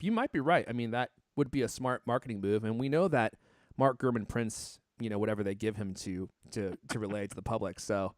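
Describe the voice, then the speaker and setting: The host of a laid-back tech podcast streamed live reads viewer comments and keeps the jokes coming, speaking in a lowish voice at a fairly quick pace. It's captured in clean studio quality without room sound.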